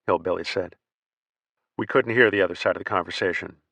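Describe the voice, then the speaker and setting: A man narrating a first-person war memoir audiobook in a measured, plainspoken way. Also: deep voice, steady tone, vocal fry, sharp tone, breathy edge, no room sound.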